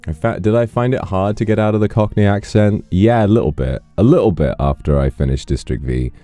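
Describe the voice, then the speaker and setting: A man's voice: fairly low pitch, a little fast, dark tone, no room sound, faint music behind. A man hosting a casual live stream, rambling through anecdotes and thanking donors. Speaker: livestream host.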